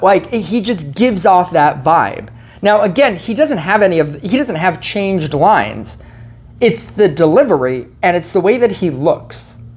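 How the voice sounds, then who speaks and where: Female film reviewer, slightly low voice, casual and rambling, filler-heavy. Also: breathy edge. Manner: rambling, heavy on "like" and "you know", self-correcting.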